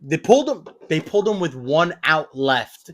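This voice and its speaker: A man's voice: fairly high pitch, big pitch swings, normal speed, fairly bright tone. A man co-hosting a podcast in casual, swearing chat with a buddy, laughing often. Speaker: podcast co-host.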